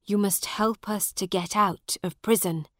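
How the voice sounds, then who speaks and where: A woman's voice: medium pitch, fairly even intonation, a little slow, a bit bright, no echo, studio quality, natural voice. A woman voicing a bold, direct young nobleman in a storybook reading. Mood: urgent.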